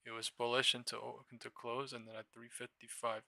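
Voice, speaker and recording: A man streaming live stock trading, muttering commentary to himself and breaking into excitable, profane outbursts. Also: mid-range voice, brisk, gravelly, no room sound.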